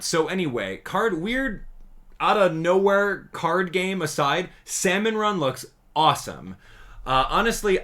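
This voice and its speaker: With a mid-range voice, a man on a gaming YouTube channel gives excitable, slangy takes on a game trailer, alternating hype with sarcasm.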